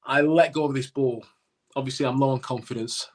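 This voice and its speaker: A man telling a story on a podcast with plenty of drive, acting out the shouts of fans and teammates along the way. He talks at an ordinary middle pitch, and his delivery is casual and conversational. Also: brisk. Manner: animated anecdote-telling with acted-out quotes. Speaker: podcast co-host, former cricketer.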